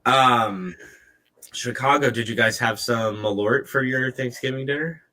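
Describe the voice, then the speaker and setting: A man hosting a podcast on a headset mic, joking and teasing his co-host with quick asides. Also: mid-range voice, pushed and bright, rough recording. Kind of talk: casual podcast chat.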